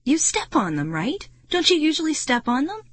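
A woman voicing an excitable young boy who shouts and shrieks, with a husky voice. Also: high-pitched, moderate pace, no room sound, voice pushed up. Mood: protesting.

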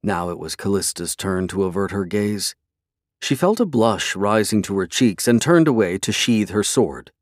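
Guy reading a fantasy book, lowish voice, dry close sound. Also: expressive, normal speed, no room sound. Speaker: narrator. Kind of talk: scripted fantasy audiobook narration.

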